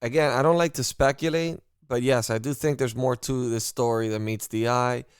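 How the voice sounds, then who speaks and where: Smooth-voiced blunt podcast host man. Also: medium pitch, fairly even intonation, moderate pace, dry recording, studio quality. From Miami, United States. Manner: blunt, unfiltered and profane. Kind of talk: casual political podcast talk.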